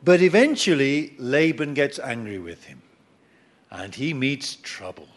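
A middle-aged male preacher giving a sermon, telling the story in an animated way with jokes aimed at the listeners. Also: medium pitch, measured pace.

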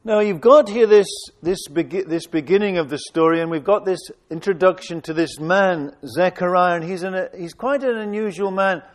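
A man's voice: sits high, moderate pace, few pauses. A man preaching a sermon, reading scripture with dramatic emphasis and breaking off for asides.

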